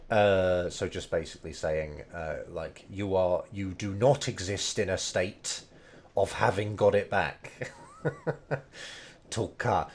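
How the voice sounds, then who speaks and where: A man explaining game dialogue line by line, thinking aloud with lots of hedging and fillers. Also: on the low side. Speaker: language learning streamer.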